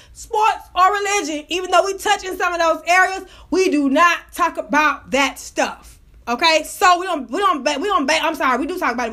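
Loud, profane woman storyteller. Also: very high-pitched. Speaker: radio show host. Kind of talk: casual storytelling monologue.

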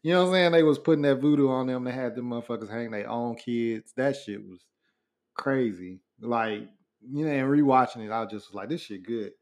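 A man's voice: medium pitch, brisk, darkish tone. A man co-hosting a podcast, joking around in casual, slangy talk. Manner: joking, slangy, laughs easily. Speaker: podcast co-host. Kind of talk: casual chat.

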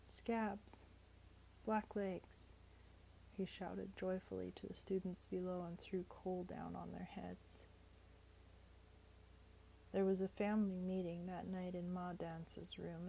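A woman narrating an audiobook in a steady, measured reading voice. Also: on the low side, creaky, slight background noise, low-quality recording.

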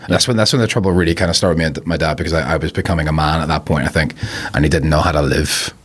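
A man's voice: rumbling low, steady tone, racing, breathy edge. A man talking as a podcast guest in casual conversation, reflective and rambling, laughing easily.

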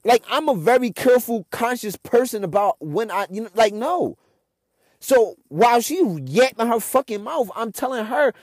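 A man's voice: very high-pitched, animated, normal speed, dry recording, clean studio sound. A young man, ranting with frustration and heavy cursing in a casual monologue as a podcast host.

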